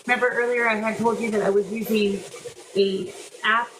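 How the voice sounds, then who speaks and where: A woman's voice: medium pitch, fairly even intonation, normal speed, rough recording. A woman hosting a live paranormal investigation, calling out to spirits and answering viewers by name. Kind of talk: live ghost-hunt chat.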